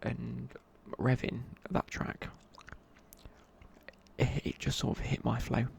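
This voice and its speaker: A man's voice: medium pitch, little pitch movement, slow pace, gravelly, a little mellow, a little hiss or hum. A young man telling a rambling casual story in a whispered ASMR chat. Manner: rambling, casual, many fillers and restarts. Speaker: ASMR creator.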